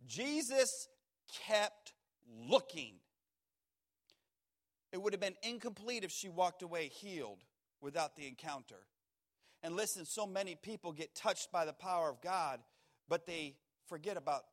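A man preaching a sermon, swinging from hushed, slow words to loud, urgent ones. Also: sits high.

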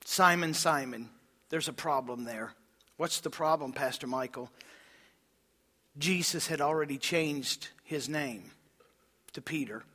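A man, preaching a sermon as a pastor, swinging from loud emphasis to hushed, low-spoken lines. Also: unhurried, long pauses, breathy edge, big-room sound.

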